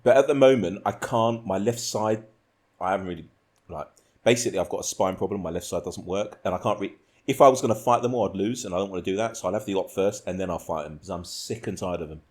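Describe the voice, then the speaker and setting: Rambling, laughing podcast host, low voice. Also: male voice, quick pace. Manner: rambling, laughs often, animated storytelling. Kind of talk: casual podcast chat.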